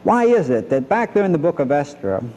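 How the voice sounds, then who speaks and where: A man's voice: fairly high pitch, sing-song, fairly quick, dark tone, big-room sound, slight background noise, rough recording. An older man teaching a Bible lesson, retelling the story and acting out the characters' lines.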